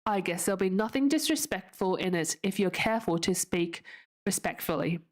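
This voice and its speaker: A woman's voice: medium pitch, animated, fairly quick, natural voice. A woman voicing a stern, practical older spinster who speaks firmly and disapprovingly.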